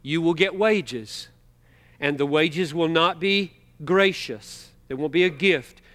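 A man preaching an expository sermon, emphatic, slowing to stress key words and moving between loud exclamations and quiet asides. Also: fairly high pitch.

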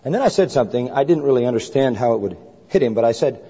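A man's voice: mid-range voice, quick pace, husky. A man preaching a sermon, telling a story and acting out both sides of a conversation. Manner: animated storyteller acting out dialogue. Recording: muffled hall recording with long reverb.

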